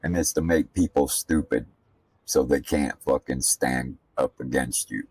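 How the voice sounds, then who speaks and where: A man with a very deep, gravelly voice talks slowly and bluntly, swearing freely as he gives casual commentary between practice laps. His voice sits a bit back from the mic, with a dry room around it. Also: a little mellow, no echo, distant mic. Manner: profane, ranting, blunt. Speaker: sim racing streamer.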